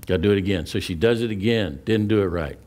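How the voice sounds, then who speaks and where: A male pastor preaching a sermon in a lowish voice. He tells stories in a loose, conversational way, repeating words as he restarts sentences, and slows down to press a point. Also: a little mellow.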